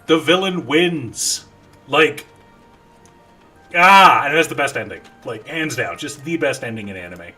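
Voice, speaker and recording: A man live streaming a game, chatting casually and animatedly with his viewers between quick asides. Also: mid-range voice, expressive, sharp tone, soft background music. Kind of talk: casual live-stream chat while gaming.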